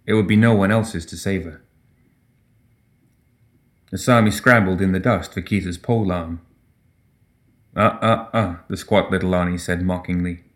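A man with a low, deep voice reads a dark fantasy tale aloud. His delivery is steady and measured, in plain scripted narration.

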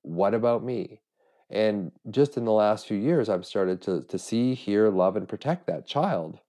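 A man's voice: lowish voice, expressive, a little slow, warm tone. A middle-aged man hosting a solo podcast, talking in an earnest, self-searching way with frequent restarts while he has a cold. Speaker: podcast host. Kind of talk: reflective solo podcast monologue.

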